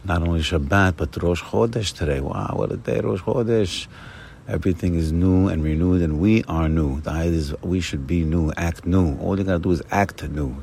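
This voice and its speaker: A man giving a fervent Sabbath morning sermon as a rabbi, repeating short phrases and swinging between loud bursts and soft low asides. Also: moderate pace, creaky, slight background noise.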